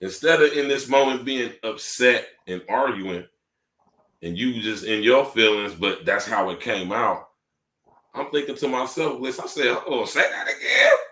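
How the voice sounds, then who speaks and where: A man's voice: fairly low pitch, measured pace, reverberant. A man hosting a casual podcast, telling stories, swearing and tagging lines with fillers. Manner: animated storyteller, swears, many filler tags. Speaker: podcast host.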